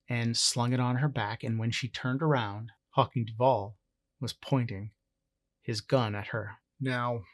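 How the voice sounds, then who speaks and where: A man telling a solo tabletop adventure at an unhurried, deliberate pace. His mid-pitched voice is recorded dry and close, with no room sound, and he often pauses to think aloud about the rules. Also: no echo. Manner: measured, storytelling, thinks aloud over rules. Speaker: solo game master and player. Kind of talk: narrating a solo tabletop game.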